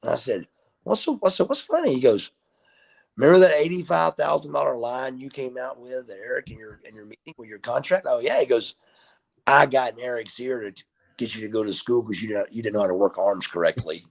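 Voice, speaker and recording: Man, middle-aged, wrestler guest, animated storyteller, raspy, creaky. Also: medium pitch, a little fast. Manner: animated storyteller who acts out quoted dialogue. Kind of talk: casual storytelling interview.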